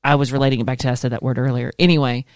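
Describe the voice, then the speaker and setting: A woman's voice: a bass voice, level tone, racing, darkish tone, dry recording, studio quality. A woman in her forties, a schoolteacher co-hosting a casual chat show, chatty and laughing, swearing casually. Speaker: co-host, schoolteacher.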